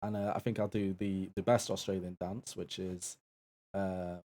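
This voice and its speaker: A man's voice: sits low, level tone, normal speed, warm tone. A man co-hosting a charity live stream in casual banter, easygoing and often restarting his words. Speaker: co-host and assistant of a stream event.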